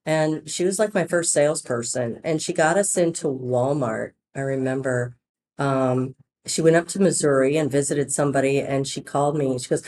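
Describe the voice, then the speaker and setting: A woman founder telling her business story in a casual podcast interview, chatty and animated, acting out quoted dialogue. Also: a bass voice, normal speed.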